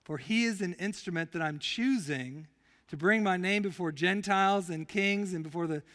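A preacher voicing God, hushed and low. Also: male voice, normal speed. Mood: calm, insistent. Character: God, a calm, patient commanding male voice. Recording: long reverb of a large hall.

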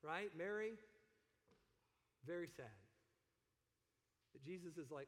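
High-voiced preacher in a reverberant hall. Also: male voice, expressive, slow, pauses often. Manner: conversational and joking, paraphrasing scripture in everyday speech. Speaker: pastor. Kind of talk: sermon.

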